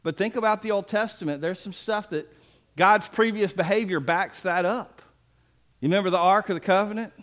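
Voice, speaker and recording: A man's voice: sits high, moderate pace, a bit bright. A man preaching a sermon as pastor, folksy and emphatic with playful asides.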